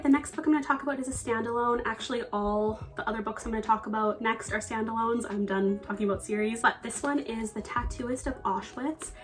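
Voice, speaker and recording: A young woman chatting casually about books she has read, earnest and talkative, with small laughs and restarts. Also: medium pitch. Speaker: book vlogger. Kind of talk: casual book review chat.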